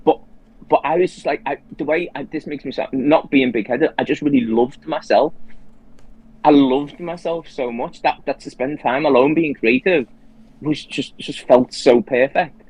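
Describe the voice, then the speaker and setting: A man's voice: mid-range voice, normal speed, a little mellow, breathy edge, no echo, rough recording. A man hosting a casual conversation who tells his story earnestly and with animation, restarting his sentences often. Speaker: host.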